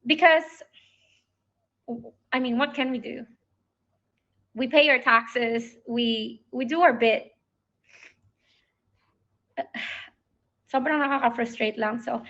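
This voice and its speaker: A woman with a Filipino accent hosts a casual livestream, speaking emotionally to viewers and mixing English with Tagalog. Her voice is a little high and fairly bright, she speaks slowly with frequent pauses, and the sound is lo-fi.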